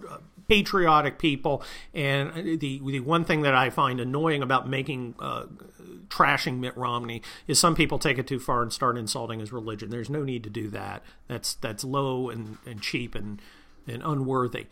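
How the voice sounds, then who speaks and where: A man's voice: medium pitch, bright, forceful tone. A man hosting a political talk monologue, combative and sarcastic, heaping insults on his targets. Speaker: political commentary host.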